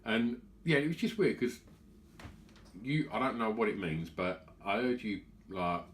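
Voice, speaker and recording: Low-voiced man telling a story. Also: expressive, a little slow, a little hiss or hum. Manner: rambling storytelling, acts out quotes. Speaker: podcast co-host. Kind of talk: casual chat.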